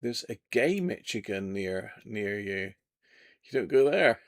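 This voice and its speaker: Bloke on a livestream, bit of fry in his voice, chatty and jokey. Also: fairly low pitch, very animated, slow. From Devon, England. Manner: chatty, jokey, reads out viewer comments. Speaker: livestream host. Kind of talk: casual live chat. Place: home radio workshop.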